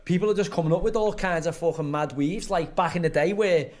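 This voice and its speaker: A man with a notably high voice, trading jokes in loose podcast banter. He talks quickly, piling up mocking asides and calling everyone "lad". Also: darkish tone. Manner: jokey, calls people "lad". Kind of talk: casual banter.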